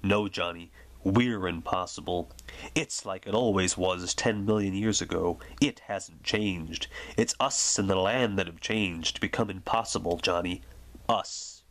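A man's voice: low-pitched, a little slow. A man reading as a wistful old lighthouse keeper. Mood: hushed. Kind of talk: ASMR story reading.

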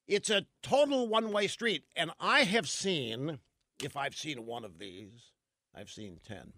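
A man's voice: on the high side, big pitch swings, unhurried, bright, forceful tone, no room sound, clean studio sound. A man hosting a talk show, delivering a combative, opinionated monologue full of rhetorical questions. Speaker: radio talk host.

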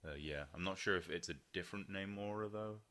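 A man's voice: deep voice, fast talker, bright, forceful tone. A young British man co-hosting a casual podcast chat, laid-back and joking, often trailing off. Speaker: podcast co-host.

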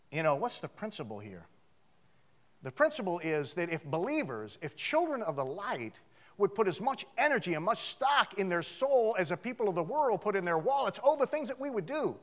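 A man preaching a sermon in a church, animated, swinging from loud outcries to hushed asides. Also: sits high. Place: church sanctuary.

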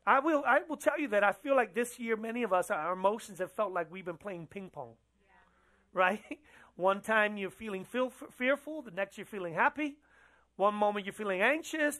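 In a church, a pastor with a mid-range, fairly bright voice preaches conversationally, putting questions to the congregation and repeating phrases for emphasis.

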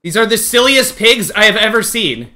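A man streaming a game live, talking excitedly to his chat and coaxing the animals along, often shouting and laughing. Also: high-pitched, normal speed. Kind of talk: excited live gameplay commentary.

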